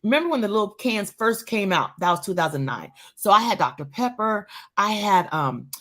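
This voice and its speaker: Church lady hosting a live show, telling her story, super animated, pitch all over the place, repeats herself, talks right to the crowd. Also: normal speed. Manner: animated, repeats phrases, addresses listeners directly. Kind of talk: storytelling testimony to an audience.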